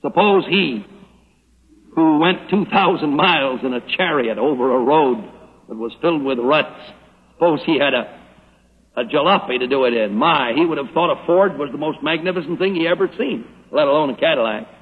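A man's voice: a little high, husky. Emphatic preaching man on old radio. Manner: emphatic, dramatic preaching with slow stressed phrases. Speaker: pastor. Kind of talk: radio Bible teaching sermon. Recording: muffled old radio broadcast with long reverb.

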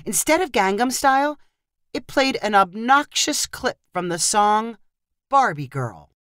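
A woman reading a humorous short story aloud in scripted narration with expressive storytelling. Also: a little high, a little slow, noisy background. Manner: expressive storytelling, lively intonation.

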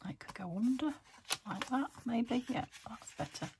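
A woman's voice: fairly high pitch, animated, unhurried, background noise. A woman chatting to herself as she crafts a junk journal, muttering and talking to her materials as she works. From United Kingdom. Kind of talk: casual crafting commentary.

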